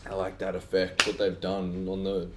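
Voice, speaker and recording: A man's voice: low voice, completely flat delivery, moderate pace, background noise. A man guest on a podcast, a music producer, talking in a laid-back, joking way with lots of fillers. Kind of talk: casual chat.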